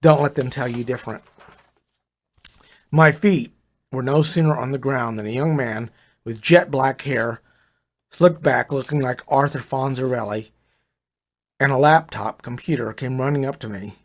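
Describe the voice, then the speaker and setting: An older man reads his own first-person story aloud at a middling pitch. He sounds confiding and speaks directly to the listener, calling him "brother". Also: moderate pace, pauses often.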